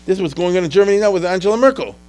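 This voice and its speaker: A man giving a casual history lecture to a class, full of restarts, who acts out the people he quotes with sudden jumps in pitch. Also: animated, racing, darkish tone.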